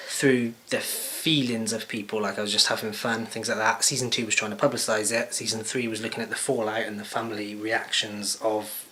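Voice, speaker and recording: A man's voice: medium pitch, sharp tone, a little hiss or hum, rough recording. A man hosting his own show, chatting unscripted straight into a camera mic in a rambling, jokey, self-deprecating way. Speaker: vlogger host. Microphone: camera microphone.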